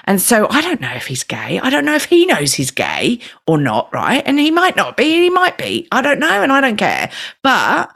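Lively Australian woman podcast host. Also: normal speed, gravelly, breathy edge. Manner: animated, swoops high when quoting herself. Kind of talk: casual chat.

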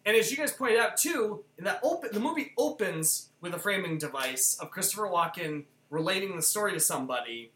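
A podcast co-host recapping a film scene in casual chat, animated and full of fillers. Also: medium pitch, a little fast, few pauses, a little hiss or hum. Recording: roomy echo.

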